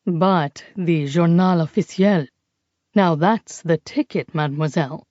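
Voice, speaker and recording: A woman voicing a brisk, condescending man in an audiobook who talks over others. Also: fairly low pitch, darkish tone, dry recording, muffled recording, close to an everyday voice. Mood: dry, condescending. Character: sharp-witted brisk man, a forger. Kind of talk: audiobook character voice.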